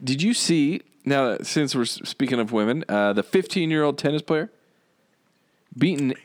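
A man's voice: mid-range voice, animated, normal speed, no room sound. Laid-back man in dry, close podcast sound. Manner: laid-back, laughs often, swears casually. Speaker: podcast host. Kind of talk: crude casual banter.

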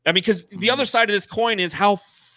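A man's voice: high voice, fast talker, bright, forceful tone, dry recording. An American man in his thirties hosting a fan podcast livestream, emotional and swearing freely as he reads out donations. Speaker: podcast host. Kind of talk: excited casual livestream chat.

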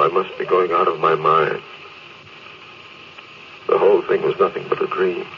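An actor playing a doomed spaceship captain, speaking in a brooding, confessional way in 1950s radio drama style. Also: male voice, low voice, heavily acted. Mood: despairing. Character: doomed spaceship captain, regretful grown man falling. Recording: dull old radio recording with hiss.

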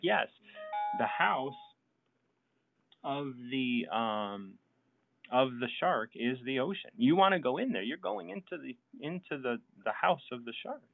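A man's voice: mid-range voice, vocal fry. Man talking on a tinny phone line. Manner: halting, reflective, many fillers. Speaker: podcast host. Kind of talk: casual chat.

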